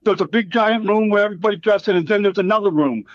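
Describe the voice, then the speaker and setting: A middle-aged former wrestler with a fairly high voice rambles through profane war stories, acting out what others said. He is recorded dry, with a slightly dull sound. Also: quick pace, no room sound. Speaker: interview guest, former wrestler. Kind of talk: casual storytelling interview.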